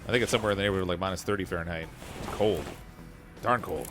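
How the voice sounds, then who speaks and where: A relaxed man with a slightly low voice talks his way through a live-streamed game session. His delivery is loose and rambling, full of "uh"s and small chuckles as he answers his chat. Clear music plays underneath him. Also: very fast. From Canada. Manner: easygoing, rambling, with frequent "uh" and chuckles. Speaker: livestreamer playing a car repair game. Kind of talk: casual live-stream chat reading viewer comments. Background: background music.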